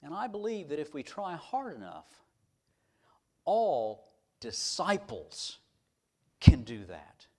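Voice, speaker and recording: Delivering a storytelling sermon, this pastor talks at a moderate pace with few pauses, his voice on the high side. He's folksy and animated, restarting sentences again and again.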